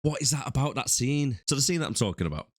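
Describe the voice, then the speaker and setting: A man's voice: mid-range voice, animated, fast, dry recording, clean studio sound. A man co-hosting a podcast, rambling through crude jokes about a movie. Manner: rambling, crude, storytelling with mock quotes. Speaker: podcast co-host. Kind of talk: casual film-roast chat.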